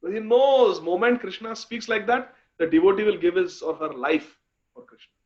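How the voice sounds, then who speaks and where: A man giving a devotional scripture lecture, chanting verses slowly and speaking with fervent emphasis. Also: sits high. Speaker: speaker in a scripture class series. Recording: dull lo-fi recording.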